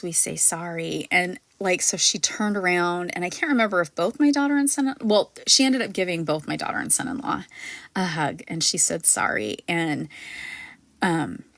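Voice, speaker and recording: A woman's voice: on the low side, fairly bright tone, no room sound. Chatty grandmother hosting a spiritual panel. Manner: chatty and rambling, many ums and likes. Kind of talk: casual live-stream talk.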